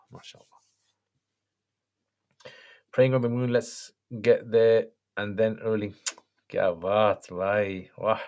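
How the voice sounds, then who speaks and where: A man hosting a livestream and answering viewer questions in a relaxed, chatty way. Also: mid-range voice. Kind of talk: casual chat.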